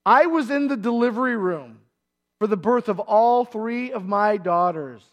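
A middle-aged man with a fairly high voice preaches to a congregation. He retells the story in an animated, conversational way and now and then acts out the shouts and lines of the people in it. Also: measured pace. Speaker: pastor. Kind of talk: sermon.

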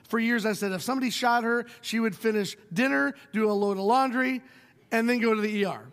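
A middle-aged male pastor preaching a sermon, telling a personal story with wry humor and moving between hushed and emphatic delivery. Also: very high-pitched, fairly quick, big-room sound.

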